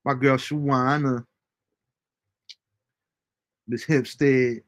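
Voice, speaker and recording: A man hosting a casual livestream show, reading out viewer comments with a relaxed, chuckling manner. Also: mid-range voice, extremely slow. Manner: laid-back, chuckling often, fillers like um. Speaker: host.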